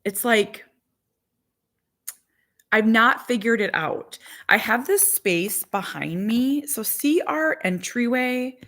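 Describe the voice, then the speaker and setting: A vlogger and mother of four in her forties chats casually with live viewers, rambling and saying "like" a lot. Her voice is medium-pitched with a fairly bright tone.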